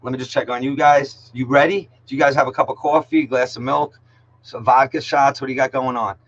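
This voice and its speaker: A middle school English teacher talks a little fast in a steady, mid-range, fairly bright voice, and the audio is dull. He runs his online class casually, cracking jokes, using slang, saying "yo" a lot and naming students directly.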